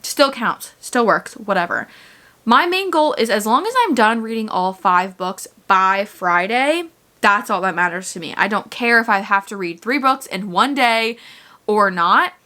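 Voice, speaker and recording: A woman's voice: mid-range voice, expressive, a little slow, pushed and bright. A young woman vlogging casually about a reading challenge, chatty and dramatic about how the books make her feel. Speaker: book vlogger. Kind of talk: casual vlog chat.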